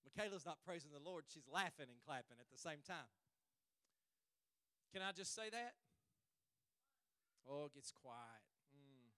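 A male pastor preaching a fervent sermon at a church service, stretching his phrases and rising to shouts. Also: fairly high pitch, lively intonation, a little slow, pauses often, smooth, dry recording.

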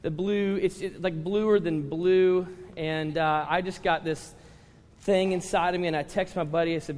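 A male pastor preaches with lively, humorous storytelling and often turns to address the room. His voice sits high for a man. The live recording carries a long, ringing reverb from the church hall. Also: normal speed. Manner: animated storytelling with humor, talking to the congregation. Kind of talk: sermon. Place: large church hall with congregation.

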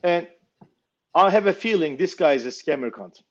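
A knife maker telling a story casually, blunt and swearing freely. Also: male voice, on the high side, expressive, moderate pace, highs cut off.

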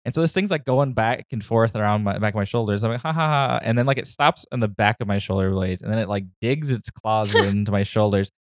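A man's voice: on the low side, fast, few pauses, no echo, studio quality. A man co-hosting a podcast, telling stories casually with plenty of laughter and swearing. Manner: animated storyteller, laughs often, swears freely. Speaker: podcast co-host. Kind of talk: casual chat.

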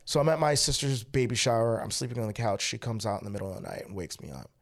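A man's voice: on the low side, expressive, fast, vocal fry. A man in his thirties, a comedian, telling a personal story in a casual, candid chat. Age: 30s. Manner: candid, conversational, quotes people in his own voice.

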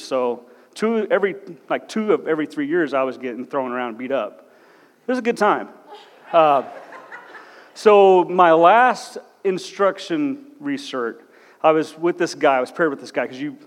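Joking cop speaking in an echoey church. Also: male voice, fairly high pitch. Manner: self-deprecating, joking, admits nerves; blunt, no-nonsense. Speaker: guest speaker, police officer. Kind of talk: humorous church talk with personal stories. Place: large church hall. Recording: echoey church hall with long reverb.

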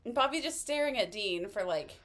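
A woman's voice: medium pitch, lively intonation, fairly quick, a bit bright. A woman co-hosting a podcast, casually recapping an episode and acting out the characters' lines with frequent laughs. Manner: retells scenes, voicing characters' lines with laughs. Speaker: podcast co-host. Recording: household noise in background.

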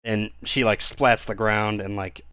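Chill guy recapping an anime on a podcast, low smooth voice, dry mic. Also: a little slow, no room sound. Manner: laid-back, relaxed retelling of plot with fillers and mild swearing. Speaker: podcast co-host. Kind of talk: casual anime recap chat.

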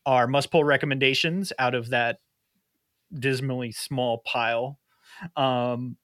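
A playful male podcast host from Canada, joking at his own expense and laughing easily. His voice sits at an everyday middle pitch. The sound is close and dry, with no room around it. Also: steady tone, unhurried, a bit bright, no echo. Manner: playful, self-deprecating, laughs often. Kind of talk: casual podcast chat.

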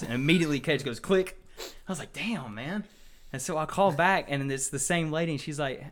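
A male podcast host chatting loosely with friends. He tells stories in a rambling, laughing way, swearing freely. His voice sits at an ordinary middle pitch. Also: fast. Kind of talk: casual banter podcast.

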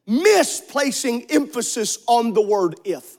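A man preaching a Sunday sermon, slow and emphatic, repeating phrases and rising to shouts on key words. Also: extremely high pitch, expressive. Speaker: pastor. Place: church sanctuary.

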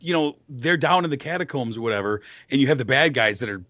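A man's voice: medium pitch, animated, quick pace, pushed and bright, no echo. Man cohosting a film podcast, jokey and playful, bouncy voice, dry room. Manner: teasing, playful, slips into quoted voices. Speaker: podcast co-host. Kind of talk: casual movie discussion. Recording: dry, dull lo-fi sound.

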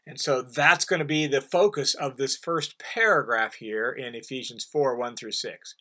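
A man's voice: mid-range voice, moderate pace, sharp tone. A man teaching through a Bible passage verse by verse in an earnest, emphatic way, with conversational asides. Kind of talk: recorded Bible commentary lesson.

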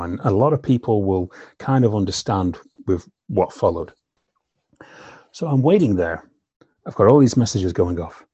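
A filmmaker guest with a fairly low, slightly mellow and somewhat rough voice shares his own story with candor and emotion, swearing a lot and leaning on "you know." The recording is dry, with no room sound, and a bit dull and lo-fi.

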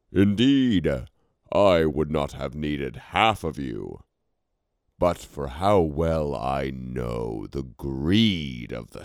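A hulking warlord rumbles his promises in a deep, slow voice, as a man acts him out. The sound is dry and close. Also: gravelly, a little mellow, no echo, heavily acted. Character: hulking brutish male warlord of the north.

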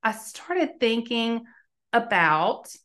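A woman's voice: fairly high pitch, extremely slow. A middle-aged woman from Mississippi with a Southern accent, a podcast host and life coach telling a personal story, acting out both sides of the conversations. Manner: animated, acts out both sides of dialogue. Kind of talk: storytelling monologue.

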